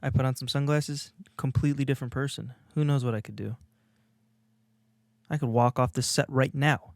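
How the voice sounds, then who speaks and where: This man's medium-pitched voice is gravelly and darkish, with fairly even intonation at a moderate pace. Co-hosting a casual podcast from Illinois, he rambles with lots of fillers and restarts, and the video podcast studio mic gives a clean studio sound with no room tone.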